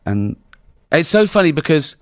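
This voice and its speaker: A man's voice: fairly high pitch, sing-song, normal speed, no echo, studio quality. A man in his forties with an English accent, a comedian telling rambling stories in an interview, laughing at his own punchlines. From England. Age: 40s. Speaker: comedian guest. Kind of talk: casual anecdotal interview talk.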